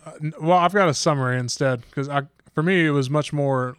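A man's voice: fairly high pitch, a little fast, clean tone, no room sound, studio quality. A man, a pastor hosting a casual podcast chat who laughs easily. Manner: relaxed, chatty, laughs easily.

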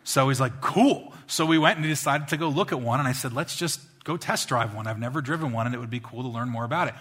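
A man preaching a sermon as a pastor, telling stories in an animated, conversational way. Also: mid-range voice, fast, slightly rough.

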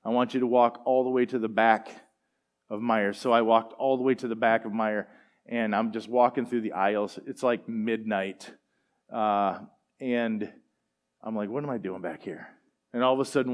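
A middle-aged man preaching a sermon and telling personal stories in a relaxed, conversational way, with plenty of fillers. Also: on the low side, moderate pace. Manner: conversational, animated storytelling with fillers. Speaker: pastor. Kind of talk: sermon storytelling.

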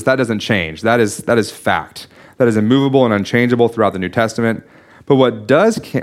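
Man preaching an earnest Bible sermon. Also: mid-range voice. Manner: earnest, teaching, with restarts and asides. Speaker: pastor.

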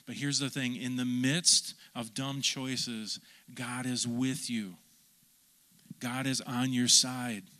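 A man, a pastor, preaching a lively sermon and calling on the congregation to answer back. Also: mid-range voice, takes it slowly. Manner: animated, calls for audience response.

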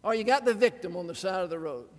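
High-voiced male preacher in a reverberant hall. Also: fast. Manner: animated, dramatic, with wry humorous asides. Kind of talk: sermon. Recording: long reverb of a large hall.

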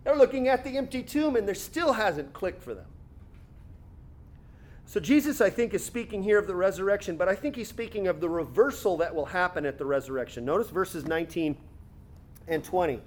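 A man preaching an expository sermon, reading scripture aloud and then explaining it in a conversational way, slowing down to stress key words. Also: high voice, animated. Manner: slows down and stretches words for emphasis.

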